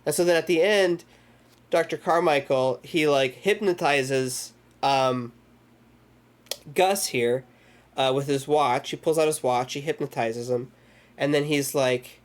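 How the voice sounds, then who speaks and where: A man's voice: fairly high pitch, a little slow. A man hosting a movie discussion, casually recapping scenes in a rambling way full of filler words. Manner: energetic retelling of scenes. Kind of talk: casual film recap chat.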